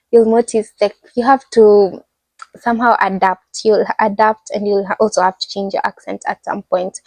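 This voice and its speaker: A young woman with a Kenyan accent telling stories in a casual vlog, animated and acting out the people she describes. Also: mid-range voice, no echo, poor audio. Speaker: international student vlogger.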